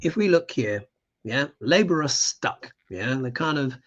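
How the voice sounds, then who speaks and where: A man's voice: medium pitch, moderate pace. A man hosting a live astrology show, reading tarot cards and ranting with emphatic passion.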